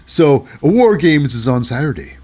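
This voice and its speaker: A man's voice: mid-range voice, very animated, unhurried, dark tone. A man hosting a casual wrestling show recap, rambling with lots of fillers and hyping things up with "baby".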